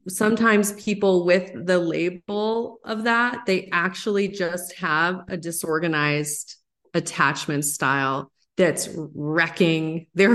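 Excited woman explaining psychology. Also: lowish voice. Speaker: guest psychologist. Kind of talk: podcast interview.

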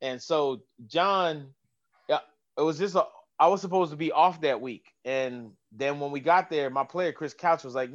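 Animated storytelling man, lo-fi sound. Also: a little high, moderate pace. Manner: animated, swears, acts out voices in anecdotes. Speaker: golf caddy and comedian. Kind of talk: casual podcast storytelling.

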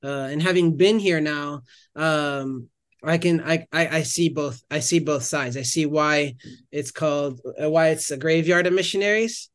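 Missionary guy in his 30s telling stories on a podcast, slightly high voice, keeps restarting mid-sentence. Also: moderate pace, fairly bright tone. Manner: rambling, self-correcting storyteller with frequent restarts. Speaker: missionary guest. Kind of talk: casual storytelling interview.

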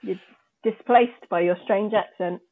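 A woman co-hosting a casual chat, speaking softly and briefly. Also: mid-range voice, unhurried. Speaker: podcast co-host. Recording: tinny phone-like line.

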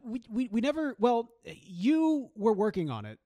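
A man with a high, springy voice co-hosts a podcast in easy banter. He teases himself and chuckles often, and his pitch bounces up and down. The sound is dry and close. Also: very animated, a little slow, mellow, no echo. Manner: joking, self-mocking, laughs easily. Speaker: podcast co-host. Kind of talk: casual chat.

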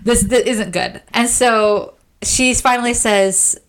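A woman's voice: fairly high pitch, steady tone, slow pace, clean tone. A woman co-hosting a casual book podcast, eagerly retelling the plot and acting out the characters' lines. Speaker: podcast co-host.

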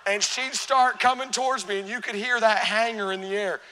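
A man preaching in a church, animated and humorous, throwing questions at his congregation. His voice sits high and sounds sharp and tense, with a long reverb filling the sanctuary. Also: moderate pace, a little hiss or hum. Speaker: pastor. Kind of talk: sermon.

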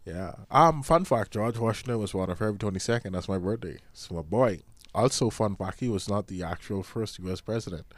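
Low-voiced guy hosting a podcast, kinda nasal from his sinuses, reads stuff out, dry close mic. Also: a little fast, no echo. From Bahamas. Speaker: podcast co-host. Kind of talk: casual podcast chat, reading news aloud.

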